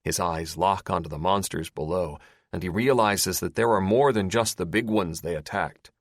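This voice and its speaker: A man's voice: sits low, moderate pace, no room sound, studio quality. A man narrating an action-heavy audiobook in a dramatic, scripted style.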